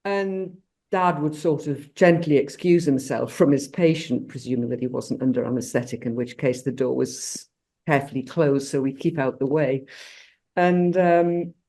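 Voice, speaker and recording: An older woman talking over a video call in a relaxed group discussion. She rambles through her story, circling back with restarts and fillers as she goes. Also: low voice. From Britain. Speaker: coach.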